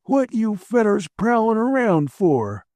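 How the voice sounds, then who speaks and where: A man's voice: high-pitched, very animated, takes it slowly, warm tone, no room sound, studio quality, pitched above the performer's own voice, full character voice. A man voicing a grumbling, cagey old male homeowner with a querulous rural drawl.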